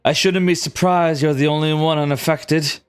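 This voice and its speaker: A man's voice: fairly high pitch, steady tone, normal speed, smooth, faint music behind, voice pushed up, close to an everyday voice. A man voicing a hostile woman tribal leader in a tabletop game, commanding and contemptuous. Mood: menacing.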